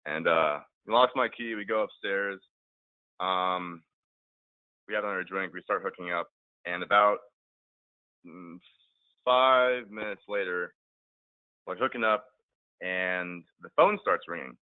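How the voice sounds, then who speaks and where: A man's voice: deep voice, measured pace, long pauses, clear, resonant tone, dry recording. A man telling a rambling, profane story as a podcast guest, speaking casually over a remote call. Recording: tinny phone-like line, dry.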